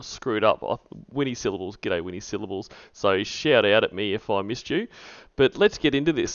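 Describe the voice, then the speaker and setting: A man hosting a livestream, laid-back, greeting viewers by name with many pauses. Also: fairly low pitch, smooth, no echo, dull audio. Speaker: livestream host. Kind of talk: casual stream chat.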